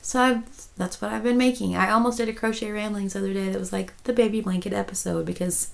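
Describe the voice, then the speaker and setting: A woman's voice: mid-range voice, steady tone, quick pace, gravelly, low-quality recording. A woman, chatting casually as a crochet vlogger, rambling with many restarts and turning emotional. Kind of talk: casual chat.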